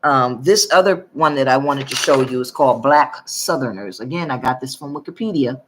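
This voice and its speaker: A woman's voice: very deep voice, moderate pace, slight background noise. A woman from the northern United States talks on her own channel, reading population figures aloud in a casual monologue. She wanders a little, trips over words, and corrects herself without fuss. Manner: rambling, with fillers and self-corrections. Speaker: YouTube commentator.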